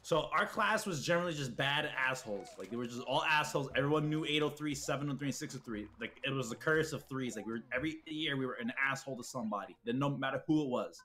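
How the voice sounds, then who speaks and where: A young man telling rowdy school stories in casual chat, profane and animated, with heated outbursts. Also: medium pitch, quick pace, few pauses, slight background noise. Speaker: streamer's friend telling stories.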